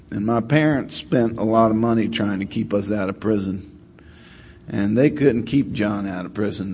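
A middle-aged man at a recovery meeting telling his story in a wry, self-deprecating way, rambling with many pauses. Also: lowish voice, warm tone. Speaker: speaker sharing at a recovery meeting. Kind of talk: storytelling share. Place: meeting room. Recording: slightly dull recording with faint room noise.

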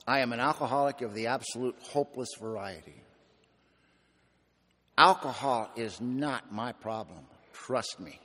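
A man's voice: mid-range voice, a bit bright. Streetwise man telling his story in an echoey hall. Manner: gritty storytelling with streetwise slang and dry humor. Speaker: speaker at a recovery meeting. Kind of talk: personal testimony talk.

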